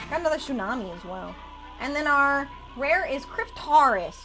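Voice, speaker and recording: A woman streamer chatting casually and rambling while opening trading cards, quick to laugh. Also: high voice, big pitch swings, music in the background. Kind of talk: casual live-stream chat.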